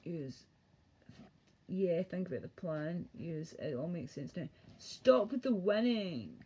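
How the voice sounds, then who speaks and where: A woman's voice: fairly low pitch, lively intonation, takes it slowly, warm tone, breathy edge. A woman ranting casually and profanely on a livestream, rambling from one thought to the next. The sound is muffled, lo-fi audio. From Britain.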